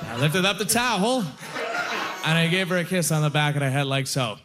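Male comic, slightly high voice, punchy self-mocking delivery, stand-up set. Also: brisk. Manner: self-deprecating, punchy storytelling. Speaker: stand-up comedian.

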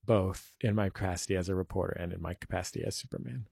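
A man's voice: low voice, fairly even intonation, fast talker, gravelly, darkish tone, slightly rough, no room sound, clean studio sound. A man hosting an interview, asking long framed questions with a wry, joking touch. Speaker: radio interview host. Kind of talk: conversational interview.

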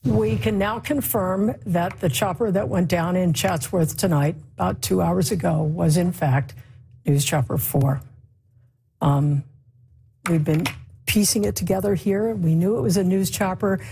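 A woman TV news anchor speaking haltingly, with a husky voice. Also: lowish voice, mellow, slight background noise, rough recording. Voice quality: husky, gravelly. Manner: halting, hesitant.

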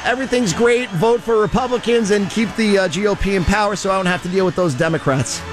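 A man's voice: sits high, quick pace, over music. Sarcastic man hosting casual commentary. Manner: sarcastic, loose and chatty. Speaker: host of a political commentary show.

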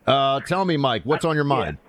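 A man's voice: mid-range voice, lively intonation, normal speed, fairly bright tone. A man hosting a talk radio show, chatting casually with callers and stumbling through restarts and "uh" fillers. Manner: conversational, restarts, many "uh" fillers.

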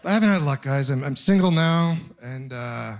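A man's voice: medium pitch, lively intonation, moderate pace. A young man doing a stand-up comedy set, telling self-mocking stories in a loose, chatty way with frequent laughs. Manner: conversational, self-deprecating storytelling with laughs. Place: live comedy venue with audience.

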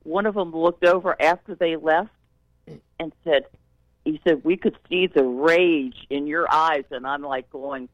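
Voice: medium pitch, fairly even intonation, unhurried, dry recording, highs cut off. A caller on a call-in radio show, retelling a story and repeating what was said. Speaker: caller, store worker. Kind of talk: phone-in storytelling.

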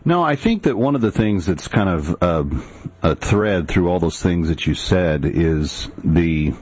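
A man co-hosting a podcast, replying in a hesitant, halting way with many fillers. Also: deep voice, expressive, darkish tone, dry recording. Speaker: co-host. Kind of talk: podcast discussion.

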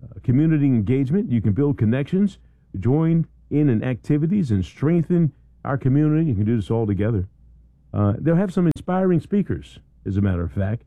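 A man's voice: medium pitch, fairly quick, no room sound, narrow, tinny audio. A man hosting a talk radio show, chatting loosely and reading event announcements with lots of "you know". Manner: rambling, chatty, lots of "you know" and restarts, bursts of excited shouting. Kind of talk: casual radio chat and announcements. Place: radio studio.

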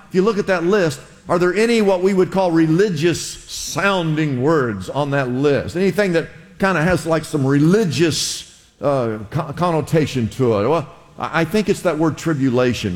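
A man with a somewhat high voice preaches in a church sanctuary, his words trailing off into a long hall reverb. He talks in a loose, conversational way, restarting phrases and calling on the congregation to repeat after him. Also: lively intonation, moderate pace. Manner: conversational preaching with audience call-and-response. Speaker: pastor. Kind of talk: sermon.

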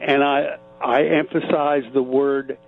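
A man's voice: medium pitch, level tone, creaky, faint music behind. Male caller on a tinny phone line. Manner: halting, with many fillers and repeats.

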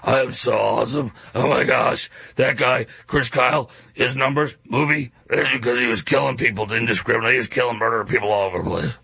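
A man putting on a boastful, gravelly-voiced braggart, sneering and full of himself, rattling the words off fast. The sound is dull and dry, with no room echo. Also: mid-range voice, steady tone, bright, forceful tone, exaggerated voice. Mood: mocking. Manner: sneering, self-praising.

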